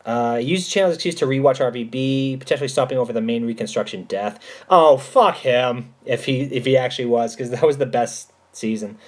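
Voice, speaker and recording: A man hosting a casual livestream, answering chat and telling stories in an emphatic, animated way with plenty of swearing. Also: mid-range voice, fairly quick, few pauses.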